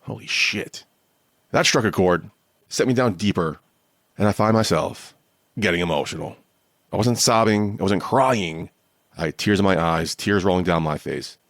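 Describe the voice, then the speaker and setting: A man's voice: low voice, normal speed, no room sound, clean studio sound. A man hosting his own podcast, talking candidly and a bit ramblingly in a casual solo monologue. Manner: candid, rambling, self-deprecating. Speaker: podcast host.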